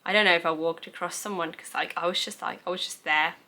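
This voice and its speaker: A young book vlogger gushes about her favourite books in a casual, rambling review chat, laughing at herself and delightedly reading out her old notes. Her voice is bright and crisp yet on the low side, with a steady tone and quick pace.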